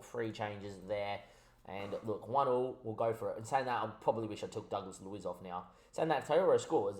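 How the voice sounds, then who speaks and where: A man giving casual commentary on his football management game, a little tipsy from wine, switching between excitable mock match calls and chatty asides. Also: on the low side.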